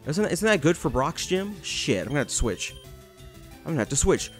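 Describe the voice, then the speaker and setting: A man's voice: mid-range voice, a little fast. Young guy doing game commentary, cussing and rambling, voice all over the place, faint music behind. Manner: animated, profane, rambling, shouts at the game. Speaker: gaming channel host. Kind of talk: let's play commentary.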